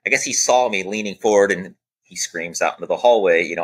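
Low-voiced male guest with a bright, forceful edge, spinning a loose, animated story full of fillers. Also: fast talker, slightly rough. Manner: animated anecdote-telling, acting out quoted dialogue with many "you know" fillers. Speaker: podcast guest, former Air Force special operator. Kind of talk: casual storytelling interview.

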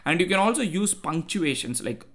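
A man's voice: a little high, sing-song, normal speed, fairly bright tone. Man casually explaining code on screen. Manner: explanatory, loose, many fillers like "uh" and "like"; talks to himself while looking things up. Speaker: tech tutorial host. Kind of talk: casual screen-share coding walkthrough.

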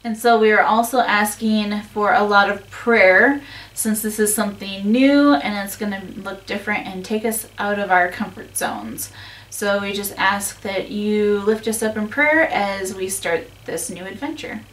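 A woman's voice: mid-range voice, unhurried, fairly bright tone. A woman recording a casual video announcement with her husband, giggly and breaking into laughter between takes. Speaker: ministry co-founder. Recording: echoey room, mic at a distance.

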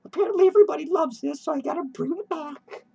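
Squeaky high unhinged clown, tipsy and hyper, swearing nonstop in a comedy vlog. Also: male voice, fast talker, gravelly, warm tone. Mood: manic ranting. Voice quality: high shrill voice with cackling laughs. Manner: crude swearing rants, giddy and drifting. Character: unhinged foul-mouthed clown, manic and rambling. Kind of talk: comedic character vlog rant. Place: home studio.

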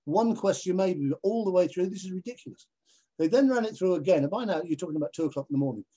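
A man recounts backstage stories from his presenting career with lively storytelling energy. His voice sits a bit high for a man and he slips into other people's voices as he goes. He is heard over a video call. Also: fast talker. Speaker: television presenter guest. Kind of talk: anecdotal storytelling in a conversation.

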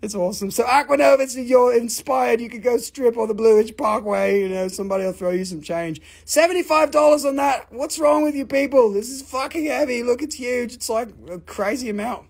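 A husky-voiced woman hosts a live online rock sale, swearing freely and rattling off rapid countdowns. Her talk is excitable and loose, and her voice has a rough, breathy edge. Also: fairly high pitch. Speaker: live-stream rock and mineral seller. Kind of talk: live online sales show.

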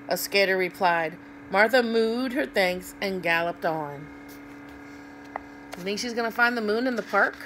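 A woman reads a picture book aloud to children at an unhurried pace. She pauses to ask her young listeners what they see in the pictures. A faint hum sits beneath her voice. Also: medium pitch, a bit bright, low-quality recording. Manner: asks young listeners questions about the pictures. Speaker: children's read-aloud host.

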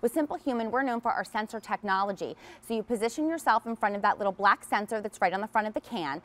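A woman representing a brand on a live TV shopping show, explaining features in a smooth, enthusiastic pitch. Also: animated, quick pace. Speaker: product representative. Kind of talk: product demonstration on live TV.

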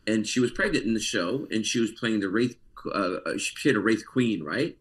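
A man, an actor guest telling an animated story with frequent laughs over a video call. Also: lowish voice, moderate pace, poor audio. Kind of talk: casual storytelling interview.

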